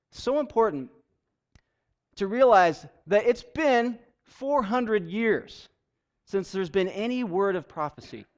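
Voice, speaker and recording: A man giving a conversational bible teaching, chatty, with restarts and laughing asides. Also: fairly high pitch. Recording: dull lo-fi recording.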